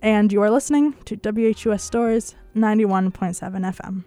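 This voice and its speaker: Young woman, college radio news host, croaky voice, casual and chatty with frequent laughs. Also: medium pitch, brisk, dark tone, soft background music. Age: young adult. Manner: chatty, laughs often, fillers like "um".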